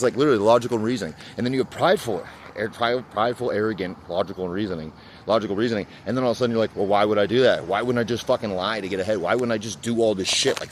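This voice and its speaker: A man's voice: lowish voice, slight background noise. A man vlogging in a casual, rambling rant, swearing often and calling the listener "bro" and "dude".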